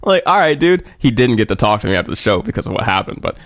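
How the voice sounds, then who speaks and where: A man's voice: fairly low pitch, expressive, racing, no echo, studio quality. A young man co-hosting a podcast, telling a rambling, profane story in casual chat. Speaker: podcast co-host.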